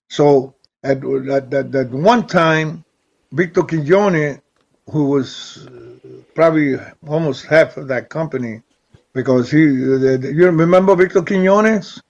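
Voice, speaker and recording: A man's voice: a little high, a little mellow. An older man from Rico, a former wrestler telling stories in an interview, rambling and often repeating and restarting his words. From Puerto Rico. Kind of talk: storytelling in an interview. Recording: dull lo-fi recording.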